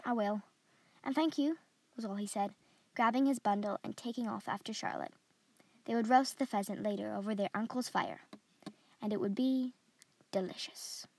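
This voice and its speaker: A woman reading a story aloud in a steady, descriptive way as a podcast host. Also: medium pitch, a little fast, gravelly, breathy edge. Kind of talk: scripted story narration.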